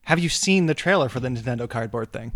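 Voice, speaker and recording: A man's voice: medium pitch, animated, fast talker, fairly bright tone. A man co-hosting a podcast in casual chat, playful and sarcastic, laughing often. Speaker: podcast co-host.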